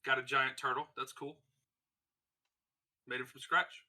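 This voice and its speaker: A man's voice: mid-range voice, level tone, unhurried, bright, forceful tone. A man introducing his character as a player, joking and laid-back.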